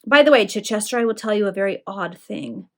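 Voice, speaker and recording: A woman reading the part of an ironic young gentleman who talks in a smooth, quietly mocking way. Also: mid-range voice, expressive, a little fast. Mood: polite irony.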